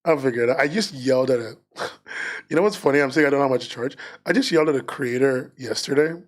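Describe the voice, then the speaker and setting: Podcast guy chatting on stream, mid pitch, rambly, lots of ums and likes. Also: fast. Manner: rambling, many fillers and restarts. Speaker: podcast co-host. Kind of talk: casual livestream chat.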